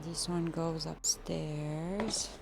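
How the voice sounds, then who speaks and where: A woman livestreaming from her home kitchen and chatting with viewers as she bakes. She talks slowly in a lowish voice, excitable and chatty, with some non-native phrasing. A faint room hum sits behind her. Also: gravelly. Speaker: cooking livestreamer. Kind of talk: casual live cooking chat. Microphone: phone.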